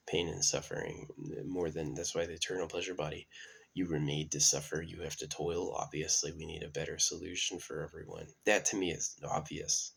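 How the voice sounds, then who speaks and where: A man's voice: a bass voice, creaky, a bit bright, husky. A man talking in a casual, meandering monologue with many fillers and restarts. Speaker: channel host.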